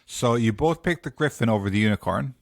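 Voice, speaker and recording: A man's voice: medium pitch, lively intonation, brisk, vocal fry, no echo. An Irish man hosting a casual podcast, quizzing his friends with dry, teasing remarks. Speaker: podcast host. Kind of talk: casual chat.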